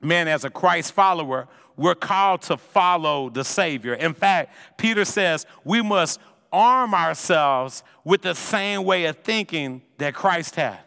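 High, bright-voiced energetic preacher man. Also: a little slow, creaky, smooth. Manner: energetic, conversational preaching, says "man" constantly. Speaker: pastor. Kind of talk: sermon. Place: church sanctuary. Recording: long hall reverb.

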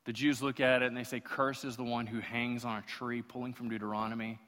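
A man preaching at a medium pitch, piling up repeated phrases as his sermon builds. His voice rings out with a long reverb tail, as though filling a church sanctuary. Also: level tone, a little fast, fairly bright tone. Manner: impassioned, rhetorical preaching with repetition. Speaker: pastor.

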